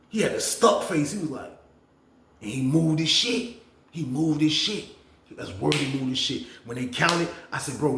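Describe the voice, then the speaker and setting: A man hosting a casual storytime, animated and profane, talking straight to his viewers. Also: medium pitch, roomy sound. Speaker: storytelling channel host. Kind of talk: casual storytime about prison.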